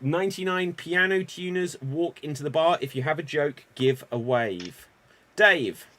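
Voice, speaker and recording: Bright-voiced man hosting. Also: fairly high pitch, animated, measured pace. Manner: upbeat, laughing, calls on players. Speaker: improv show host. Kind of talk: casual hosting.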